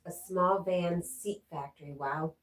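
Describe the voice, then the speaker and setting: Middle-aged woman, livestream host, deep voice, chatty, answers comments. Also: steady tone, measured pace. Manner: chatty, warm, giggly asides. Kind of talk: casual livestream chat reading comments.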